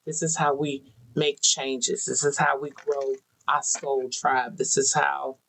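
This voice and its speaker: A tarot reader talking slowly and deliberately to an unseen audience, pulling oracle cards and drawing lessons from them. The delivery is earnest and preachy, and key phrases come back again and again. The voice sits at an ordinary middle pitch. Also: flat delivery, gravelly, fairly bright tone, rough recording. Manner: preachy, earnest direct address with repetition. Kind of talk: spiritual oracle card reading addressed to viewers.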